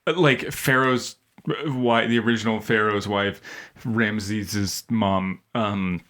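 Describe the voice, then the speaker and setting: A man co-hosting a podcast, talking through his movie opinions haltingly and acting out quoted reactions. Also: on the low side, fairly even intonation, a bit bright. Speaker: podcast co-host. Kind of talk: casual comedy movie-review chat.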